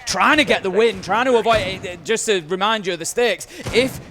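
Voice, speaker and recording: A man's voice: sits high, a crowd in the background. A British man in his thirties co-casting esports, talking steadily with ums and teasing his partner. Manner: measured, hesitant with ums, dry teasing. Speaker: esports caster. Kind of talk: casual co-caster banter.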